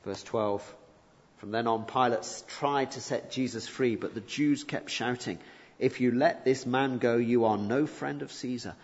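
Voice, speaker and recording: Male preacher, animated sermon delivery, slightly husky voice, muffled hall recording with long reverb. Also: medium pitch, unhurried. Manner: animated, rising emphasis on key points, rhetorical questions. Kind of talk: expository sermon.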